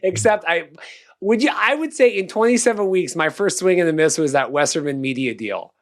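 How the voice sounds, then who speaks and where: A man co-hosting a podcast in casual chat, animated and laughing as he talks. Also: a little high, brisk. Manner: animated, laughs while talking. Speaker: podcast co-host.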